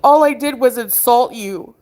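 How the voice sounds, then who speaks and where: A woman's voice: a little high, measured pace, a little mellow. A woman livestreaming in distress, pleading and accusing, tearful at times. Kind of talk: emotional livestream argument. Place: indoors, abroad.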